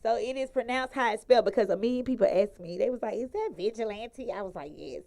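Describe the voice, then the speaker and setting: A woman's voice: mid-range voice, fast, gravelly, a little mellow. A woman hosting a live interview show, chatting loosely and laughing easily. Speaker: show host.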